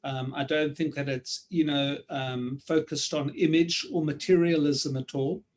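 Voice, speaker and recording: A South African man speaking reflectively over a video call, with many pauses and ums. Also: on the high side, fairly even intonation, a little hiss or hum. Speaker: author guest. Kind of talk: reflective conversation.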